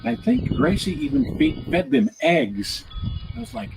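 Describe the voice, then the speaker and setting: A man's voice: very high voice, huge pitch swings, moderate pace, gravelly, music in the background, low-quality recording. A man hosting a podcast in a casual, rambling monologue, chatty and often correcting himself. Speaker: podcast host.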